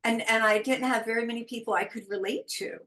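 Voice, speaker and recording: Expressive woman chatting as a guest. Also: a little high, quick pace. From California. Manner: expressive, animated, laughs often. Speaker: podcast guest, intuitive guide. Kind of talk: casual interview chat.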